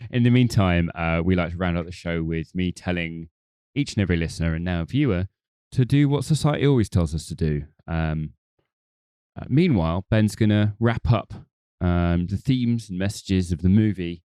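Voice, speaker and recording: A man's voice: deep voice, normal speed, warm tone, clear, resonant tone, dry recording, clean studio sound. A man co-hosting a film podcast, chatting casually and joking, with rambling restarts. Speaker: podcast co-host. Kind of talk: casual chat.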